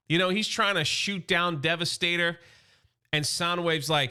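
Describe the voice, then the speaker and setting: A man's voice: a little high, a little slow, bright, forceful tone, smooth. A man doing a casual, enthusiastic comic book recap, loosely acting out the characters' quotes.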